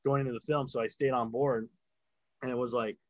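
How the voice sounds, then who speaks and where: A man's voice: mid-range voice, steady tone, a little fast, lo-fi sound, background noise. A man in casual chat, telling a long story about working sound on a film set, with lots of filler words and swearing.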